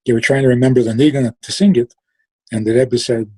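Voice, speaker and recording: A man telling a story in a relaxed way, slow and reflective, trailing off and restarting and sometimes acting out the people in it. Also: medium pitch, slightly rough. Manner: acts out quoted voices with sudden outbursts.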